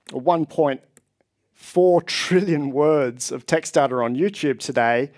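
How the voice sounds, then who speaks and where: A man presenting at a tech conference, explaining with enthusiasm to a live audience. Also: on the high side. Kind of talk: conference talk. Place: conference hall.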